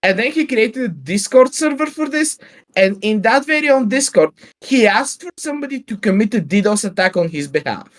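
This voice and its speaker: A man's voice: sits high, animated, moderate pace. A man, a guest on a livestream, ranting in a profane and sarcastic way in casual chat over a video call mic.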